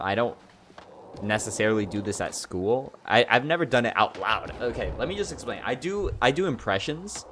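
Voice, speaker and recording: Young guy rambling to his stream chat, kinda low voice, says like a lot, faint noise in the back. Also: fairly bright tone. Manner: rambling, full of "like" and "you know". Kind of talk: casual livestream chat.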